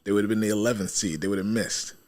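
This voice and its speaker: A low-voiced man co-hosting a relaxed podcast from a home studio. He speaks in an easygoing, dry way and calmly argues his point with facts. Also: fast, slight background noise. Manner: laid-back, dry, argumentative. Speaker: podcast co-host. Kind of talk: casual podcast chat.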